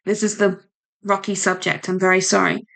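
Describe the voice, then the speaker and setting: Chatty and rambling, a British woman from the United Kingdom hosts a casual livestream in British English, giggling and using lots of fillers. She talks at normal speed in a medium-pitched, level voice that is creaky and a bit bright.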